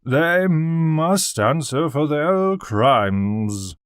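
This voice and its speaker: A drunk, hostile lord drags out his words in a slow slur, voiced by a man reading aloud. The voice is pushed well up and loud. It is recorded dry and close. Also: a little high, expressive, clear, resonant tone, no echo, pitched above the performer's own voice. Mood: drunken. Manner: slurring.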